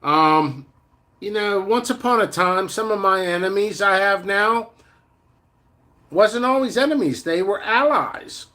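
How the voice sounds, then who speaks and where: A middle-aged man rants angrily to the camera in his vlog. His voice sits high and sounds bright and sharp. He swears constantly, talks bluntly and rambles through restarts. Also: lively intonation, measured pace. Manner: angry, profane ranting. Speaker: seed vendor.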